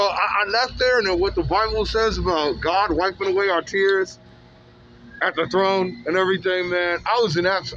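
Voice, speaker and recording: A man's voice: sits high, a bit bright, muffled recording, a little hiss or hum. A man in an emphatic, repetitive, slangy street monologue, recorded outdoors. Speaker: street vlogger.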